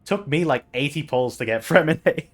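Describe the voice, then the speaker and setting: A man streamer giving casual, gushing commentary while playing a game, an excitable fan. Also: fairly high pitch, normal speed.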